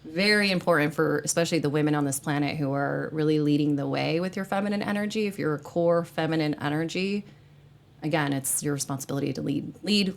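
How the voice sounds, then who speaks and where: A woman's voice: sits low, gravelly. A woman hosting a podcast, talking earnestly in casual spiritual chat, rambling with plenty of fillers. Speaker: podcast host.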